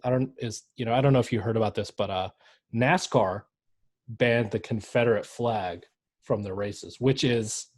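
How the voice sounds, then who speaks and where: A man co-hosting a casual sports podcast. He talks in an animated, mocking way and keeps jumping into exaggerated voices to make fun of people. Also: on the low side, normal speed. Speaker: podcast co-host. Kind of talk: casual chat.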